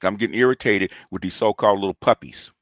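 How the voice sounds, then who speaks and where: A man's voice: lowish voice, fast, a bit bright, no room sound, studio quality. A man, hosting a channel and delivering a combative, taunting call-out rant, often tossing in "okay?". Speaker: commentary channel host.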